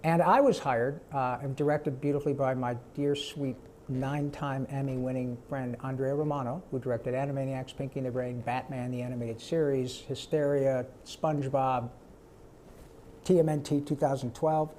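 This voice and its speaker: A voice actor answering audience questions at a live panel, animated and quick to slip into character voices. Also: male voice, medium pitch, a little hiss or hum. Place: event stage before a live audience.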